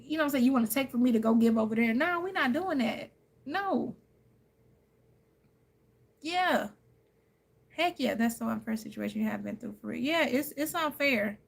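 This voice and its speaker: A woman in her thirties talks straight to her audience in a loose, venting chat. Her voice sits a little high with a gravelly fry running through it. She speaks frankly and with emphasis, calling her listeners "honey" and "y'all.". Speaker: tarot reader reading live chat.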